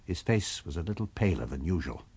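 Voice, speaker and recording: A man narrating a novel in a measured storytelling manner. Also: low-pitched, big pitch swings, darkish tone, husky. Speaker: audiobook narrator. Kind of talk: scripted narration.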